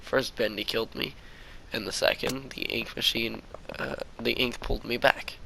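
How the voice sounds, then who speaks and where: Guy reading as quiet ink-made man, scared and hushed, real gravelly bright voice. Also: mid-range voice, fairly even intonation, moderate pace, a little hiss or hum, low-quality recording. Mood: earnest. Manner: quiet, hushed, fearful at times. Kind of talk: reading a fan story aloud.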